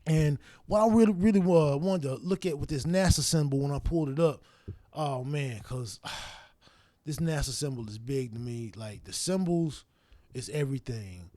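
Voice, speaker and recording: A man hosting his own show, telling a story in a casual, profane, animated way and acting out his younger self's reactions. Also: fairly high pitch, moderate pace, no echo. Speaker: show host.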